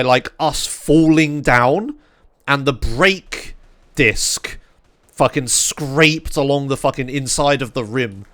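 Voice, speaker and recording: A man's voice: medium pitch, fairly bright tone, clear, resonant tone. Swearing British man telling a story. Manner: swears freely, rambling with many fillers. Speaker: streamer. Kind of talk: casual storytelling to chat.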